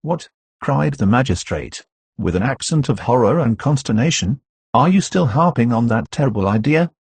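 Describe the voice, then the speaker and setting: A man's voice: mid-range voice, lively intonation, normal speed, darkish tone, breathy edge, no room sound. A man voicing a shaken male magistrate who exclaims in horror and distress. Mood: horrified. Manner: agitated, exclaiming.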